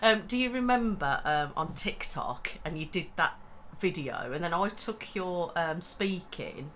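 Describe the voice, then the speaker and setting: Low-voiced woman chatting on a live stream. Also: unhurried, a little hiss or hum. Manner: lively, laughs often. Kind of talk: casual chat.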